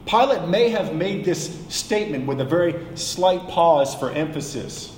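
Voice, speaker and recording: A man teaching a sermon, measured and explanatory, slowing down for emphasis. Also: fairly high pitch, lively intonation, a little mellow, roomy sound, in a large hall, a little hiss or hum, poor audio. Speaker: preacher.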